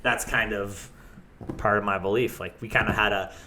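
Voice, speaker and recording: A man's voice: lowish voice, fairly even intonation, moderate pace, pushed and bright. A young adult man, a chef and restaurant owner, talking candidly and rambling in a casual interview, swearing freely. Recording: echoey room with faint noise.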